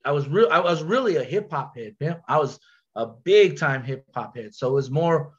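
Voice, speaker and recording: A man with a nasal voice, a rapper guest telling a story in casual chat, slangy and quick to repeat and restart his words. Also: a little high, lively intonation, breathy edge, highs cut off.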